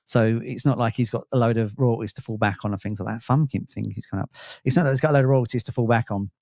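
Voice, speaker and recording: A man's voice: mid-range voice, quick pace, vocal fry, a little mellow, dry recording, studio quality. A man co-hosting a casual music chat show, rambling and chatty, with lots of fillers and restarts. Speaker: co-host.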